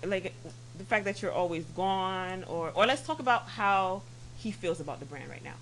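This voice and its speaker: A woman's voice: mid-range voice, normal speed, a bit bright, a little hiss or hum, poor audio. Chatty woman podcast host. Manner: laughs easily, chatty with fillers. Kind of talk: casual chat.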